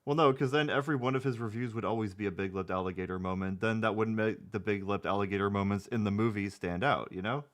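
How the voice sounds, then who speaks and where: A man's voice: fairly low pitch, fast talker, few pauses. A man hosting a reaction video, making amused, chuckling asides in casual commentary.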